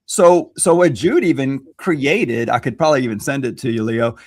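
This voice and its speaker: A man from Louisiana, a social media expert guest, explaining strategy in an animated, self-deprecating way and laughing readily. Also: mid-range voice, moderate pace, no echo. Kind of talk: conversational teaching.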